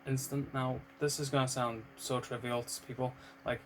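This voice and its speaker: A British man in an unscripted vlog, candid and rambling, swearing now and then. His voice sits at an ordinary middle pitch, with a faint hum of room noise behind him. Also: little pitch movement, normal speed. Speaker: vlogger. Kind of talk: unscripted personal vlog monologue.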